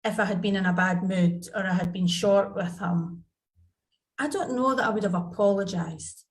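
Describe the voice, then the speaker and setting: On a video call, a woman who coaches parents shares anecdotes as a podcast guest in a conversational interview, chatting freely and voicing the lines of family members. She speaks at a medium pitch and a moderate pace.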